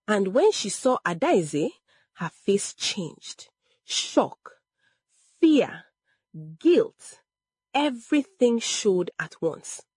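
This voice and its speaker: A woman narrating a storybook tale in a measured, expressive reading. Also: mid-range voice, husky, dry recording.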